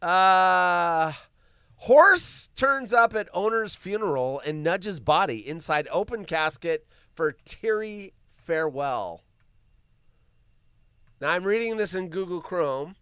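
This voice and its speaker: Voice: medium pitch, animated, slow pace, a bit bright, smooth, dry recording. A live stream host doing solo commentary, ranting with profanity, mocking asides and laughter while reading the news aloud.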